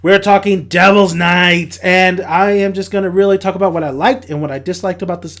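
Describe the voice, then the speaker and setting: A man's voice: high voice, steady tone, fairly quick, hardly any pauses, a bit bright. A young man giving a casual, rambling spoken review of a TV episode and correcting himself as he goes. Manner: chatty, rambling, self-correcting. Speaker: TV review vlogger.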